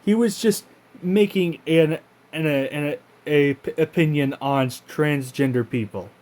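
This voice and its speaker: Speaking at a measured pace, this Canadian channel host has a voice on the high side with a darkish tone. He delivers a casual, profane rant to camera, full of indignation, often breaking off and starting his sentences over.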